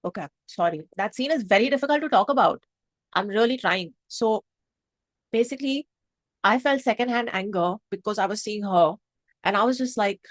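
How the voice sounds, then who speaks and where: A woman's voice: mid-range voice, expressive, normal speed, dry recording. A woman from India, reviewing a film to camera in a passionate, emotional, rambling way. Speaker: movie reviewer. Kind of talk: unscripted review chat to camera.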